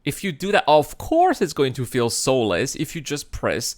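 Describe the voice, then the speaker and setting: Man, streamer, reacting live; lively swinging pitch, laughs a lot, pushes back in disbelief. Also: moderate pace. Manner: laughs often, incredulous, argues back at the video. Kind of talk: casual reaction commentary.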